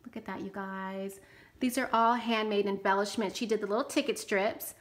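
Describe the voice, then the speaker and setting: A woman hosting a casual crafting vlog, unboxing mail and gushing over handmade cards with lots of excited exclamations. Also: mid-range voice, moderate pace. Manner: gushing and enthusiastic, frequent exclamations. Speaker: channel host.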